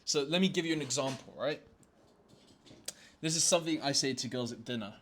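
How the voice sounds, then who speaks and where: A man's voice: mid-range voice, brisk, long pauses, a bit bright. A man giving dating advice in a casual vlog, talking in a brash, crude, emphatic way and swearing often. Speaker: dating coach.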